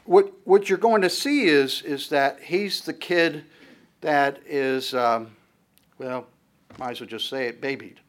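This preacher speaks slowly at a medium pitch, reading scripture aloud before commenting on it in a searching, conversational way. The quoted lines make his voice rise, and his explanations include restarts.

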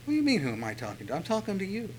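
A man's voice: a little high, moderate pace, pushed and bright, slight background noise. A man doing a spoiled self-important grown son. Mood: indignant.

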